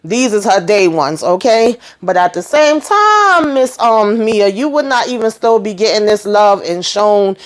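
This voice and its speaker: A woman's voice: mid-range voice, lively intonation, unhurried, hardly any pauses. A woman recapping a TV episode in a casual, emphatic way, tagging her sentences with "you know" and "okay". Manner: chatty, emphatic, acts out characters' lines. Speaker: TV recap host.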